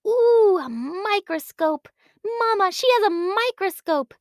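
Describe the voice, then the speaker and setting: A woman doing an excited little girl. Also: slow, dry recording, clean studio sound, exaggerated voice. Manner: squealing, eager, high-pitched. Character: excited little girl, curious about science.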